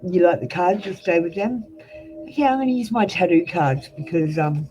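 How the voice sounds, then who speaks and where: A woman's voice: on the low side, lively intonation, normal speed, darkish tone, lo-fi sound, faint music behind. A young adult Australian woman giving blunt, chatty tarot readings on a live stream, calling viewers by name. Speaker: tarot reader.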